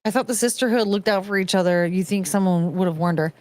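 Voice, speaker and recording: A woman's voice: medium pitch, fast talker, a little mellow, no echo. Woman host rambling on a stream, talks to her pet, dry close sound. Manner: rambling, chats to her pet, sings snatches of songs. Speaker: podcast host. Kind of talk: casual livestream chat.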